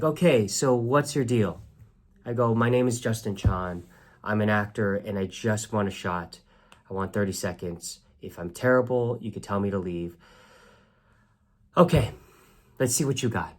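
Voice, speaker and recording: A man telling a personal story in an earnest, reflective way, acting out the lines of the people in it. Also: on the low side. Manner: earnest, reflective, acts out quoted dialogue. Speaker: actor telling his story.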